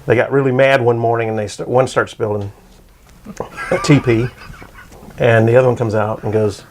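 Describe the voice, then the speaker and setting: A man's voice: medium pitch, brisk, long pauses. A man, a studio regular in casual banter, telling goofy jokes in a rambling, self-mocking way. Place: small local TV studio.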